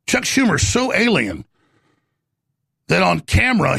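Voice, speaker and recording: A man's voice: high voice, huge pitch swings, unhurried, creaky, long pauses, fairly bright tone, slightly rough, dry recording, clean studio sound. A middle-aged man hosting a talk show, ranting in a rambling, heated monologue.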